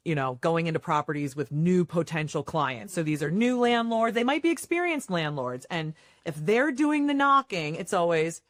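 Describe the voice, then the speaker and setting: A woman's voice: on the low side, moderate pace, no echo. A woman hosting a casual chat, telling stories and acting out the quotes. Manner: animated storyteller who acts out quotes loudly. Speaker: property manager, podcast host.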